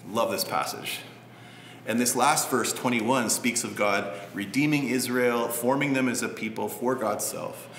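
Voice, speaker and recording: A man preaching a sermon in a relaxed, conversational way with light humor. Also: medium pitch, unhurried, reverberant, slight background noise. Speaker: pastor.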